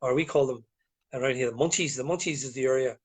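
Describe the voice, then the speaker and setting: Speaking fast in a husky, medium-pitched voice, a man with a Northern Irish accent from Northern Ireland chats casually as a live video call guest, wandering through stories full of fillers.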